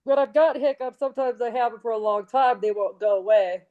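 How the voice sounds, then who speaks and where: A young woman co-hosting a casual podcast chat, talking in quick fragments with frequent giggles. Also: a little high, narrow, tinny audio. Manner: chatty and giggly, tells things in quick fragments. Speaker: podcast co-host living with seizures.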